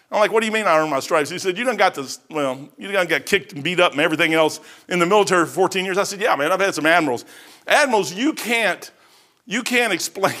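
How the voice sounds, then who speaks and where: A middle-aged man preaching a sermon in a folksy storytelling way, swinging between loud emphatic bursts and quieter asides. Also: high-pitched. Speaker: pastor.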